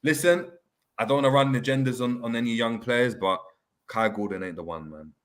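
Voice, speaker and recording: A man's voice: mid-range voice, a bit bright. A young man with a London accent, hosting a casual live stream and reading out viewer comments in slangy chat. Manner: slangy, fast-talking, reads viewer comments aloud. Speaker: host.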